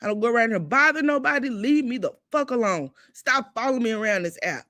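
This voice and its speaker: Defiant older woman, lively and blunt. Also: on the high side, quick pace, no echo, studio quality. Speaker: livestream host. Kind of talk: heated livestream talk.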